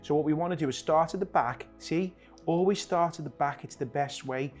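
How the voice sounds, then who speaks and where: A man's voice: on the high side, brisk, faint music behind. Chatty joking male chef. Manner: chatty, joking, talks to the cameraman. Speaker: chef hosting a cooking show. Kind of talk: casual cooking demonstration.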